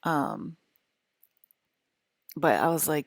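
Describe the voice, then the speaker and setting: A woman with a low, gravelly voice talks straight to her viewers in a loose, wandering way, stringing thoughts together with constant "like"s. The sound is dry and close, with no room around it. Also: animated, slow pace, pauses often, no echo. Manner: rambling, full of "like" fillers. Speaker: vlogger. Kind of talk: casual monologue to viewers.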